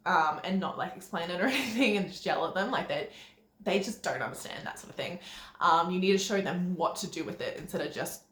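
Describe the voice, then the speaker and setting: A woman's voice: fairly low pitch, expressive, fairly quick. A young woman, giving casual parenting advice to camera, chatty, with frequent ums and little laughs. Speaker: parenting vlogger. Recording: echoey room.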